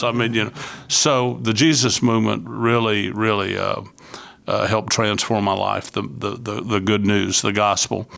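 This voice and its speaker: A man's voice: fairly low pitch, level tone, a little slow, creaky, fairly bright tone. An older man from Florida, a youth ministry leader, giving an earnest, conversational testimony as a podcast guest and acting out the voices he quotes.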